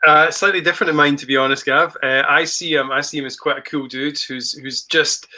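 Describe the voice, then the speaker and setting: A man's voice: a little high, steady tone, fairly quick, bright, forceful tone. A man co-hosting a podcast, joking and playful in casual banter. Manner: jokey, playful. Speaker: podcast co-host.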